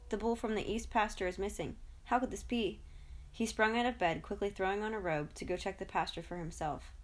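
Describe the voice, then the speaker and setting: A young woman reading a children's storybook aloud, giving each character a lightly lifted voice. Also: fairly low pitch. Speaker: storybook reader. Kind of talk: storybook narration.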